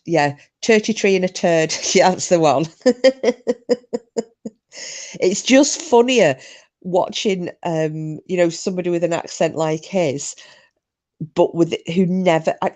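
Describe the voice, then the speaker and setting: A woman with a lowish, slightly mellow voice hosts a live stream, chatting casually and rambling with frequent restarts.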